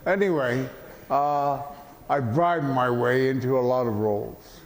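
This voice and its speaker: An older man, a veteran actor answering questions at an event, halting with many fillers and dry deadpan jokes. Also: medium pitch, a little hiss or hum. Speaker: interview guest, veteran actor. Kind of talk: relaxed panel conversation. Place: event hall with audience. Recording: echoey hall.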